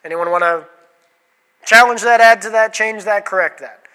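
A man's voice: high voice, normal speed, bright, forceful tone, clear, resonant tone. A man preaching an interactive sermon, asking the congregation questions and calling on people by name. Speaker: pastor. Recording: hall reverb.

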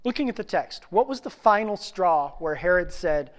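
A preacher delivering a sermon as an animated storyteller. The voice drops low and soft for reflection, then climbs loud and fast as the story heats up. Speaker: pastor.

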